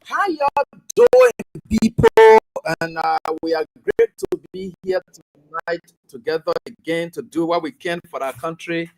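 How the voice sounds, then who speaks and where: A man's voice: a little high, fairly even intonation, moderate pace, vocal fry, faint music behind, poor audio. A man with a Liberian English accent hosting a radio talk show, chatting casually, greeting listeners by name and giving moral advice.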